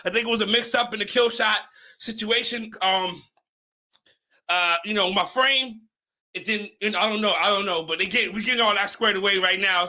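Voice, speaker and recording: A man's voice: high voice, sharp tone. A man hosting a podcast, telling a long story in a casual, rambling way, swearing a lot and tripping over his words. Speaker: podcast host.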